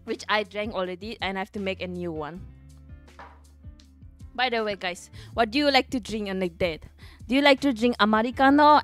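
A young woman with an Indian accent, casually chatting and joking with her livestream viewers. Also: a little high. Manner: playful, giggly, greets chat viewers. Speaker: livestream host. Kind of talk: casual stream chat.

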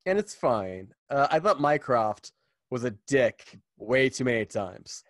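Brief: male guest reviewer, mid-pitched, wry and emphatic, dry close sound. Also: big pitch swings, no echo. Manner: wry, emphatic, drawn-out fillers. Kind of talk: casual movie discussion.

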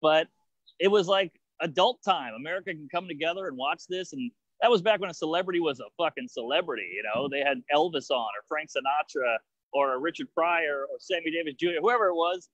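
High-voiced man riffing on a video call. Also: fairly bright tone, dry recording, dull audio. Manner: rapid, profane storytelling with mocking put-on quotes. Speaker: guest comedian. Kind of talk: casual podcast chat.

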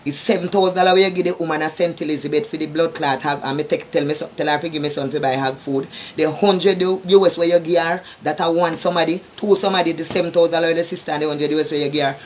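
Speaking very fast with hardly any pauses, a Jamaican-accented man rants angrily on social media in a somewhat high, level-toned voice over slight background noise. The confrontation is thick with cursing and stammered repetitions.

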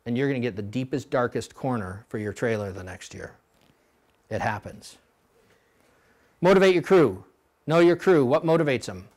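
A middle-aged man coaching coxswains at a clinic, blunt and animated, now and then mimicking rowers in a high voice. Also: normal speed, pauses often. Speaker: rowing coach.

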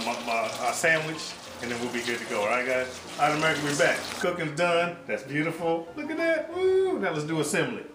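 A man's voice: fairly high pitch, roomy sound, noisy background. A man hosting a casual home cooking show, joking and hyping each step straight to his viewers.

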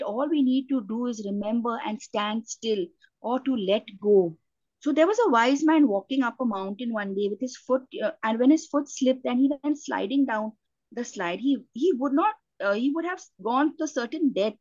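A woman's voice: fairly high pitch, a little mellow, no echo. An Indian woman preaching a sermon, earnest, often restarting her sentences with fillers. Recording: dull lo-fi, dry sound.

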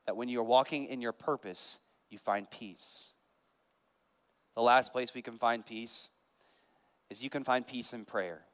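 A male pastor delivering a sermon in a church, swinging from hushed earnest appeals to loud, fervent preaching while a band plays behind him. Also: mid-range voice, measured pace, pauses often. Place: church sanctuary. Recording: long hall reverb with band music. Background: live band playing.

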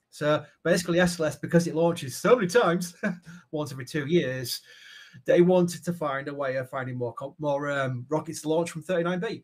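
A man co-hosting a live show in casual chat, telling things in a rambling, lively way. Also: on the high side. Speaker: co-host, managing editor.

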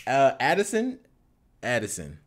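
A young man hosting a reaction video, talking loudly and excitedly in casual slang. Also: mid-range voice, unhurried, loud music behind the voice. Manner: loud, excitable slangy talk.

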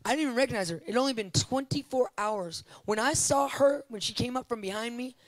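At a conference, a middle-aged woman preaches quickly in a slightly high voice, recounting testimonies with animated emphasis and repeated phrases. There's no room sound, and the audio quality is rough.

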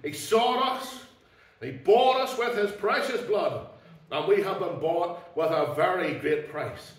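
A man preaching an emphatic sermon in a high, ringing voice. He swings between loud declarations and hushed asides. He is picked up from a distance, with heavy echo off the church walls. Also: animated, slow. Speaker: pastor. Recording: echoey church hall, mic at a distance.

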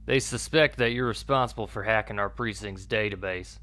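A man voicing a stern middle-aged male police captain in a put-on Southern accent, reading game dialogue loudly and firmly. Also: lowish voice, normal speed.

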